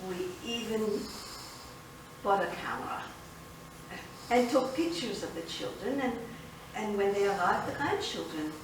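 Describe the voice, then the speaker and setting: An actress in a solo theatrical monologue, playing an older immigrant grandmother who tells her story with expressive, indignant energy, recorded from a distance in an echoey theater. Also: medium pitch, measured pace, pauses often, background noise, natural voice. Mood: recounting. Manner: expressive storytelling, switching between wistful and fiery. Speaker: solo stage performer. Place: theater stage.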